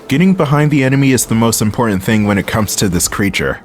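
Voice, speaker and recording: A man's voice: medium pitch, lively intonation, fast talker. A man with a Philadelphia accent giving casual, wry gameplay commentary as a let's-play host, joking to himself and swearing now and then. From Philadelphia area. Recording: voice over faint game music.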